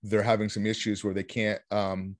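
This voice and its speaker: A man speaks as a guest investor over a video call, sounding upbeat and chatty. His voice sits fairly low, and the mic sounds dry and close, with no room echo. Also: flat delivery, normal speed. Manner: upbeat, chatty, agrees readily. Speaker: real estate investor guest.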